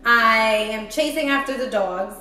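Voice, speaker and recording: A woman's voice: fairly high pitch, unhurried, sharp tone. A woman vlogging casually from her home kitchen as a busy new mom, chatty and upbeat, with lots of "like" and "literally". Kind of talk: casual vlog chat.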